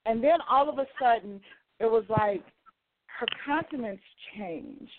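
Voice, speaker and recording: A woman's voice: a little high, a little slow, no echo. A woman co-hosting a radio talk show, telling a personal story expressively with emphatic repetition. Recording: phone-like narrow band.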